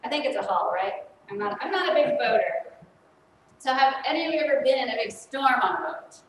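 A woman's voice: sits high, expressive, fairly quick, slight background noise. A woman in her thirties, a priest giving a children's sermon in a chatty way, asking the congregation questions. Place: church sanctuary. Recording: echoey church from far off.

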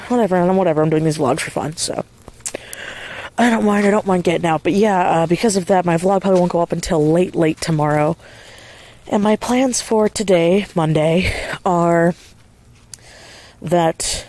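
Walking a dog outdoors at night, a woman vlogs in casual chat, rambling and swearing freely. She speaks in a soft, hushed voice that sits lowish.

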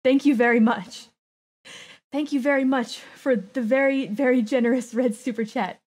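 A woman's voice: high-pitched, fairly even intonation, moderate pace, a little mellow. A woman streaming a game live, flustered and laughing as she thanks viewers and protests their donations. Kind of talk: live gaming stream chat.

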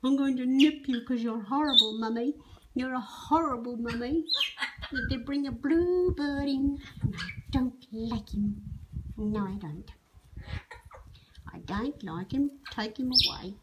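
A woman voicing her grumpy pet parrot, a sulky and jealous bird that grumbles in a lower voice than her own. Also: measured pace. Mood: sulky grumbling. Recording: loud parrot noise behind. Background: parrots squawking.

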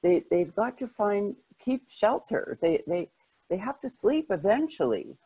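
An older woman, a journalist, answers interview questions with lively anecdotes, stumbling restarts and self-deprecating laughter. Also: medium pitch, measured pace, slightly rough, low-quality recording. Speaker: guest, journalist.

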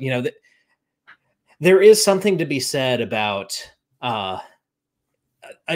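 Male host, mid-pitched, conversational, restarts phrases. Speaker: podcast host. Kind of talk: casual interview talk.

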